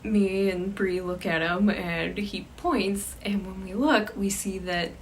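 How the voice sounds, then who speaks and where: A woman recounts a story in a laid-back, chatty way, often sinking into a hushed, almost whispered tone. Her voice sits at an ordinary middle pitch. The mic is a little distant, with a faint hiss of background noise. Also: slow pace. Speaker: cosplayer hosting a chat show. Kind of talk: casual storytelling chat.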